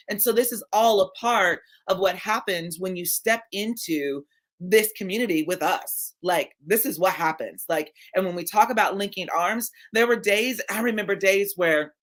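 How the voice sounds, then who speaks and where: A woman's voice: medium pitch, a bit bright. A woman health coach speaking in a heartfelt, preacherly way, building her points through repetition. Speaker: health coach and team leader. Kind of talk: heartfelt casual conversation.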